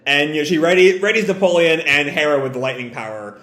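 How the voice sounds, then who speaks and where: A man casually reading through a comic chapter and commenting on it, animated and swearing now and then. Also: fairly high pitch, quick pace. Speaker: comic reader and reviewer. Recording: roomy echo.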